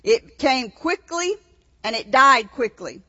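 A woman preaches with a high, bright voice, reading a story aloud and then putting questions to the listeners. Her voice carries a long echo through a large hall. The recording is muffled and dull. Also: expressive, slow pace. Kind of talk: sermon reading scripture aloud.

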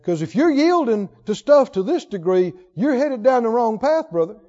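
A man preaching a sermon in a church, fervent and emphatic, swinging from loud to hushed. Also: very high voice, big pitch swings, moderate pace. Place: church sanctuary. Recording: lo-fi recording with long hall reverb.

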